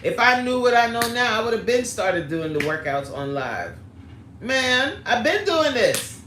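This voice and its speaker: A woman's voice: on the high side, sing-song, measured pace, background noise. A middle-aged woman coaching on a live stream, chatting casually, greeting viewers by name and laughing easily. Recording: roomy echo.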